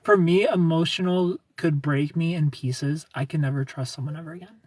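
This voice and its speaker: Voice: mid-range voice, normal speed, darkish tone, husky, no room sound. A young adult livestreamer chatting casually with viewers, sarcastic and laughing often as they answer comments by name. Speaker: livestreamer reading chat.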